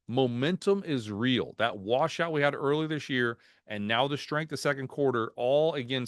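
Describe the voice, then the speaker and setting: A man presenting a market outlook over slides in a video webinar, folksy and animated, dropping jokes and anecdotes. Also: medium pitch, no room sound, studio quality. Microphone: video call.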